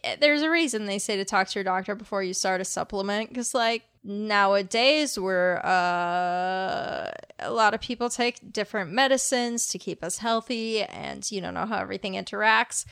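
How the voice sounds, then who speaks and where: A woman's voice: medium pitch, moderate pace, creaky, a bit bright, smooth. A woman co-hosting a podcast, chatting casually in an easygoing way into a close mic. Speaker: podcast co-host. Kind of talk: casual chat.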